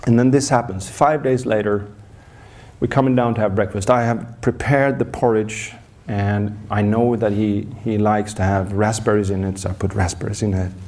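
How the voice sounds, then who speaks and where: A man's voice: lowish voice, normal speed. A man who works as a performance coach, telling a personal story on a conference stage with lots of restarts and self-deprecating humor. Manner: animated storyteller, acts out scenes, frequent restarts.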